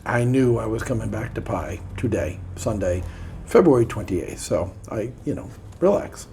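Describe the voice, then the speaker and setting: A man's voice: on the low side, expressive, normal speed, dark tone, a little hiss or hum. A man reading aloud from a self-help book and adding playful, sarcastic comments in a casual vlog.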